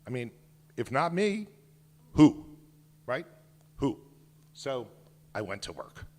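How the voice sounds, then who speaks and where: A man in his sixties, a children's book author, giving an animated talk and reading his picture book aloud with emphasis. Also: medium pitch, slow pace. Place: synagogue hall. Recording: echoey hall reverb.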